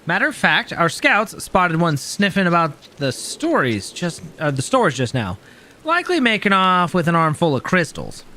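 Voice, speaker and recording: A man voicing a gruff, blustery male camp commander who talks brusquely. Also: high-pitched, wildly swooping pitch, moderate pace, bright, forceful tone, a little hiss or hum, full character voice. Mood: exasperated. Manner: brusque, swearing, exasperated.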